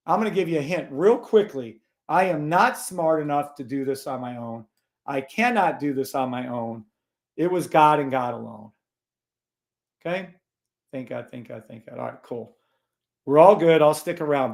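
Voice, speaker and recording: A man hosting a live trading stream, gruff and blunt, swearing and scolding his viewers while he calls out trades. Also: a little high.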